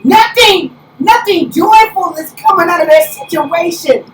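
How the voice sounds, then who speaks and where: Woman apostle, slow, high voice; distant mic in an echoey room. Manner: animated storytelling, preacherly exclamations. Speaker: apostle preaching. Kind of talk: conversational sermon. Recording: roomy, distant, faint background hiss.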